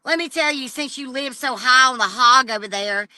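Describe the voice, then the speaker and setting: Bright, profane woman ranting. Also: sits high, normal speed, no room sound. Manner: profane and confrontational, addressing a rival directly. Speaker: livestreamer. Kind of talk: angry livestream rant.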